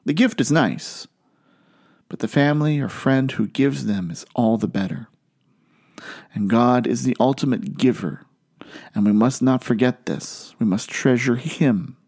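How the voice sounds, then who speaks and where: A man delivers a sermon with a medium-pitched voice. He speaks earnestly, slowing down and lifting his voice for emphasis on key phrases. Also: a little mellow. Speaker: pastor.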